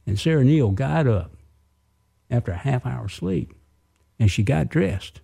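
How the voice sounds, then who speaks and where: A man's voice: medium pitch, expressive, moderate pace, vocal fry, dark tone, husky. A man telling a true crime story dramatically, adding sound effects and asking listeners questions.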